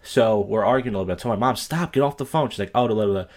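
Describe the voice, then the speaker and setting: A man's voice: lowish voice, rapid-fire. A man from Philadelphia hosting a podcast, telling stories and giving blunt, profane commentary. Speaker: podcast host. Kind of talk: crude ranting commentary.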